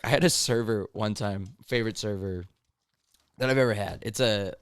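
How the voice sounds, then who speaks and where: A young man with a low voice tells comic stories from his serving days in a relaxed podcast chat. He swears freely and slips into quick voices of the customers. The sound is close and dry. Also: clean tone, no echo. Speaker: comedian guest.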